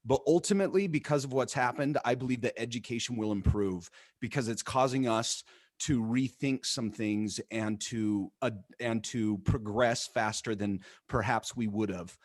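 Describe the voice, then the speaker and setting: A man's voice: medium pitch, moderate pace, dry recording, clean studio sound. A man speaking on an education panel, reflective and a bit hesitant. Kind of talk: panel discussion.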